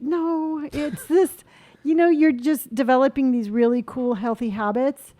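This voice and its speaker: A middle-aged woman chats casually as a podcast co-host, her voice sitting a touch high but soft and mellow in tone. She talks in an encouraging, rambling way, full of fillers. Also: a little slow.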